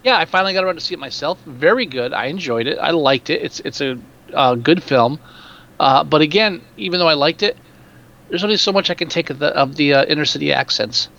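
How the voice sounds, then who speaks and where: Bright, higher-voiced man ranting bluntly. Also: animated, a little fast, gravelly. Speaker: podcast co-host. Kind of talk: casual movie review chat. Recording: dull lo-fi mic.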